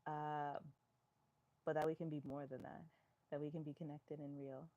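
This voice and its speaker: A woman's voice: sits low, level tone, normal speed, mellow, highs cut off. A woman from New York, a fitness live-stream host, chatting casually as she reads viewer comments aloud and answers them.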